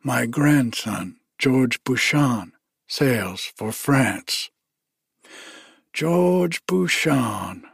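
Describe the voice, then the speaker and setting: A man voicing a proud, old-fashioned elderly woman, lifting his voice higher for her. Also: gravelly, slightly rough, no room sound, clean studio sound, heavily acted.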